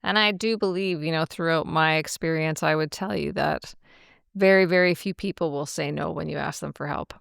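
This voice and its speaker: A woman's voice: low-pitched, fairly even intonation, normal speed, creaky, clear, resonant tone, no room sound, studio quality. A middle-aged woman hosting an interview, encouraging her guest and laughing easily. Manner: warm laughs, encouraging replies. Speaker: podcast host. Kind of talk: interview chat.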